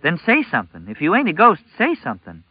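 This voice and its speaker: A man's voice: on the high side, wildly swooping pitch, fast talker, husky, no echo, lo-fi sound, pitched above the performer's own voice, heavily acted. Man voicing brash lonely teenage girl. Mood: startled.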